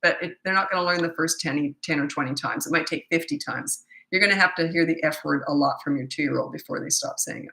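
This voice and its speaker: A woman's voice: low-pitched, fast talker, vocal fry, few pauses, bright, forceful tone. Emphatic woman parenting coach, echoey room. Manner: chatty and emphatic, answering viewer questions. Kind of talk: live Q&A advice chat.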